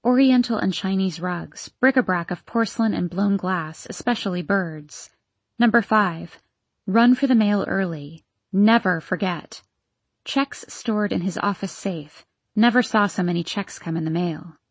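A woman reading the lines of a bitter, scheming nurse in an audiobook, with a sharp, resentful manner. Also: medium pitch, unhurried, no echo. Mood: listing.

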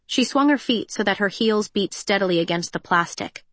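Female audiobook narrator, mid-pitch, even delivery, dry studio sound. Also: normal speed, hardly any pauses, no room sound. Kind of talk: scripted narration.

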